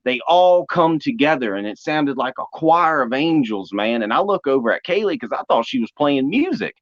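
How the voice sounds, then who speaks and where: Man telling an animated testimony story. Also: mid-range voice, normal speed. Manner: animated, acts out quotes. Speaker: speaker giving testimony. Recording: dry, dull lo-fi audio.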